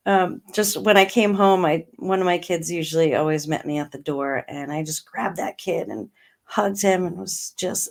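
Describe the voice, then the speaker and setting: A woman's voice: lowish voice, vocal fry. Earnest woman telling a personal story. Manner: earnest, slows right down on emotional words, laughs between lines. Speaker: interview guest.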